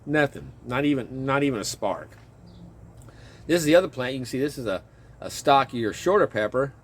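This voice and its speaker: A man casually chatting in his garden outdoors, rambling and chuckling as he talks, with a relaxed, self-interrupting way of speaking. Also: mid-range voice, normal speed. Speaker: vlogger and home gardener.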